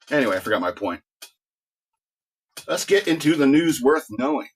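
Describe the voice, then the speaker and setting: A man's voice: medium pitch, very animated, unhurried, slightly rough. A middle-aged man hosting a talk radio show, rambling casually, joking, laughing often and restarting his words.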